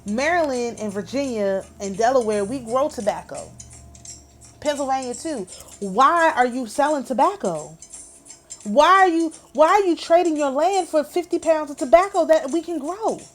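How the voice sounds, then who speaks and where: A woman's voice: sits high, lively intonation, normal speed. A woman hosting her own channel, talking in a casual, emphatic and indignant way. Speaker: channel host. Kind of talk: casual vlog commentary.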